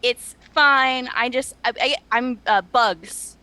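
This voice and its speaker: A woman's voice: a little high, slow pace, bright, forceful tone, clean tone, no echo. Woman voicing a jittery bearded man with a secret. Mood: flustered. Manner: flustered, stammering denials. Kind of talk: tabletop role-play.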